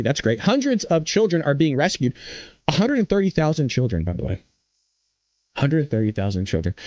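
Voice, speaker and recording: A man in his thirties hosting a casual political commentary show, excitable and hyped up, laughing often and teasing his chat. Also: sits high, no room sound. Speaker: show host.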